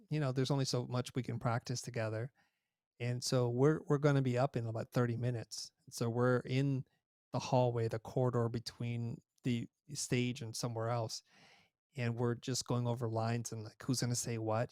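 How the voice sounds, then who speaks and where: A middle-aged man recounts a personal story as a podcast guest, his medium-pitched voice reflective and unhurried. He acts out bits of remembered dialogue. The recording is close and dry, with no room echo. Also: darkish tone. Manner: reflective, anecdotal, retells dialogue. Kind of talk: interview storytelling.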